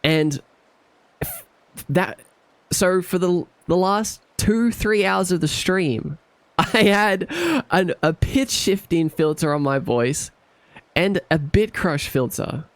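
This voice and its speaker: A man's voice: sits high, slow, dry recording. A man streaming, chatting casually and animatedly, laughing often and sounding incredulous.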